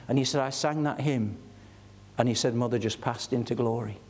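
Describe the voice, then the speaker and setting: A man's voice: mid-range voice, lively intonation, fairly quick, a little mellow. An older man preaching a sermon, telling stories earnestly and building to fervent emphasis.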